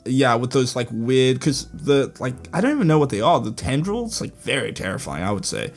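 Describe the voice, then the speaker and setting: A man co-hosting a casual chat, animated and hesitant, full of fillers and restarts. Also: mid-range voice, fairly quick. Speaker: co-host.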